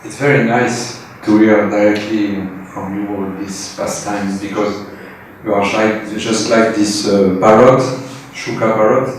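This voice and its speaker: Slow, flat-voiced man in an echoey hall. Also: on the low side. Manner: hesitant, laughing often. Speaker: devotee giving thanks. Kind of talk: heartfelt thanks. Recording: echoey hall, distant mic, faint noise.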